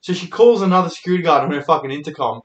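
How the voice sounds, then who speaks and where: A young man hosting his own show, telling loose, laid-back stories with plenty of swearing. His voice sits a bit high for a man. The room around him is noticeably echoey. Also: rapid-fire, dull audio. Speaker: host. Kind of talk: casual storytelling monologue.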